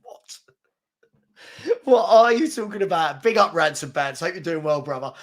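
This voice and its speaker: A man's voice: fairly high pitch, lively intonation, moderate pace. A man hosting a casual live football chat, reading out viewer comments in a rambling, slangy way and repeating himself. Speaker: football chat show host.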